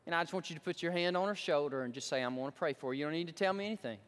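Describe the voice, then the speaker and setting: Male pastor with a drawl, storytelling sermon, acts out his quotes, voice a bit high, reverberant sanctuary. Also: very fast, fairly bright tone. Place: church sanctuary. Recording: long church hall reverb.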